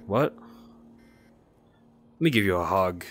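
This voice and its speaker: Excitable young man playing a game. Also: extremely slow. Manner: excitable, coos at the creature in a high baby-talk voice. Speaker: gaming video creator. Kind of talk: casual gameplay commentary.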